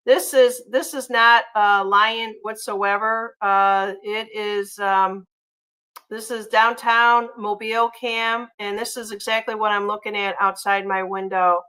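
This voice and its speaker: A woman hosting a casual livestream, chatty and gushing, often pausing on ums and uhs as she reads viewer comments. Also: mid-range voice, steady tone, bright, forceful tone, clean tone, rough recording. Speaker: livestream host.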